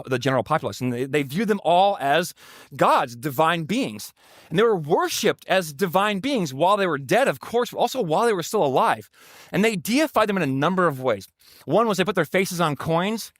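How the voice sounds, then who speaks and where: A man's voice: a little high, fairly bright tone, no echo, studio quality. A man, a pastor, preaching a sermon in a conversational way with joking asides to the congregation.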